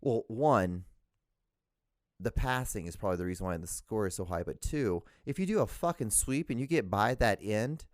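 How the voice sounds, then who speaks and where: Profane, rambling podcast host. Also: male voice, fairly low pitch, lively intonation, moderate pace, dry recording, clean studio sound. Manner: profane, digressive, laughs at himself. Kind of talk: casual rambling monologue.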